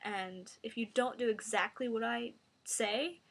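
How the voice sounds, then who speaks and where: A woman giving a mock singing tutorial in a deadpan, rambling, self-serious way. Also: fairly high pitch, unhurried, creaky.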